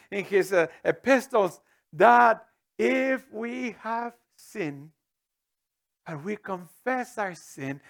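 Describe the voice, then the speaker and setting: High-voiced preaching man. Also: creaky. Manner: animated preaching with rhetorical questions and sudden loud outbursts. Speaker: pastor. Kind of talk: sermon.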